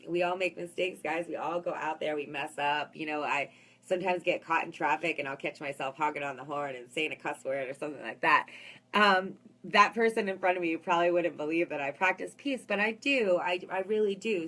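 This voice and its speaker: Chatty woman vlogger, lowish voice. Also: fairly bright tone. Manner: chatty, upbeat, addresses viewers as guys. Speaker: spiritual vlogger. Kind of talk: casual chat to camera.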